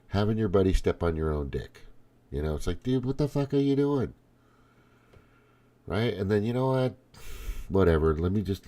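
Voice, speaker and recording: A man's voice: deep voice, mellow. A middle-aged man hosting a casual political monologue, angry and profane, often restarting his sentences. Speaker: political commentary host.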